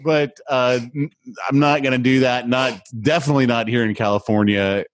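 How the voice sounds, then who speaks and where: A man co-hosting a podcast in casual chat, relaxed and rambling with many hesitations. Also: mid-range voice, moderate pace, dry recording. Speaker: podcast co-host.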